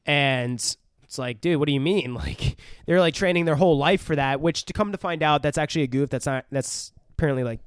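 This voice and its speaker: A young man with a slightly high voice rambles through a film recap on a podcast, swearing freely and laughing as he goes. The sound is close and dry, with no room around it. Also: fairly quick, clean tone, dry recording. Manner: rambling, profane, laughs often. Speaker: podcast co-host. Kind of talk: casual film review chat.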